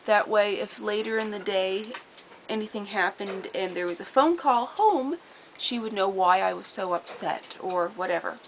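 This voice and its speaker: A woman telling a personal story in a casual, earnest way, detailed and steady, with small repeated restarts. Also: mid-range voice, moderate pace, slight background noise, poor audio. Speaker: storyteller sharing a personal memory.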